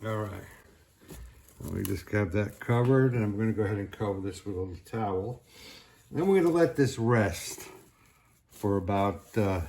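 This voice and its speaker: A middle-aged man with a Brooklyn accent, hosting a casual cooking demonstration in a relaxed, plainspoken way. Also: on the low side, moderate pace, pauses often. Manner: relaxed, plainspoken, repeats "real simple". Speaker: cooking show host. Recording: noisy kitchen recording.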